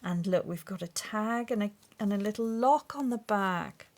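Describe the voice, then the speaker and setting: Lady opening craft swaps, super excitable, lots of oohs and gasps. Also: mid-range voice, moderate pace. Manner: gushing, excitable, with gasps and exclamations. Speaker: craft video host. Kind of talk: casual unboxing chat.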